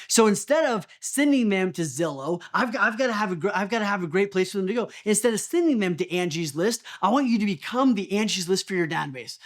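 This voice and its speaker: A man coaching real estate agents, direct and emphatic, acting out sample phone calls. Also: high-pitched. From Texas. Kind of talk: energetic coaching talk to camera.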